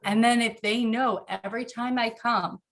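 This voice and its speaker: A woman talking earnestly about parenting in a casual interview from home, animated and quick to laugh. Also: a little high. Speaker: podcast guest, author.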